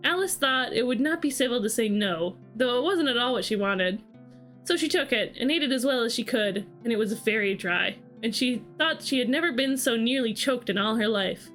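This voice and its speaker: A woman streamer narrating a storybook aloud in a steady, storytelling manner, with small restarts. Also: a little high, moderate pace, faint music behind. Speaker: streamer reading a book aloud.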